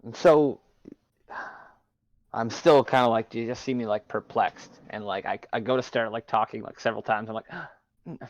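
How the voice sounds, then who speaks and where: A man's voice: on the low side, fairly even intonation, normal speed, dry recording, highs cut off. A man playing a tabletop game, narrating his character's actions with lots of fillers. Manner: rambling, filler-heavy narration. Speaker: player. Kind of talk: tabletop role-play chat.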